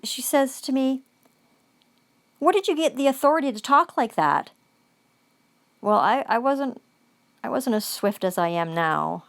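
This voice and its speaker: A woman's voice: fairly high pitch, no room sound. A woman giving an angry, profane vlog monologue, repeating phrases for emphasis.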